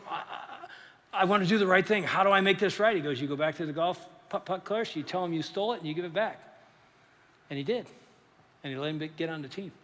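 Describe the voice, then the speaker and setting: A man preaching a sermon as pastor, telling stories with lively acted-out voices. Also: fairly high pitch, gravelly. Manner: animated storytelling, acting out voices. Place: church. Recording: reverberant church hall.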